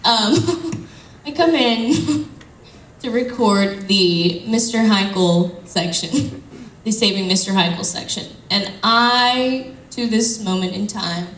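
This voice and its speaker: A woman's voice: mid-range voice, slow, a bit bright, a little hiss or hum. A woman who is a voice actor on a convention panel, amused and laughing as she talks. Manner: amused, laughs while talking. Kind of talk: casual convention panel talk. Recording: echoey hall, mic from far off, crowd.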